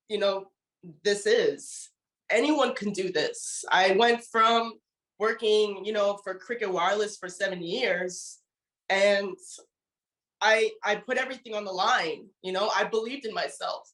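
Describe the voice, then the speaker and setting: A woman's voice: mid-range voice, fairly bright tone, echoey room. A woman giving a heartfelt, motivational testimony as a network marketing leader, emotional and leaning often on "you know.".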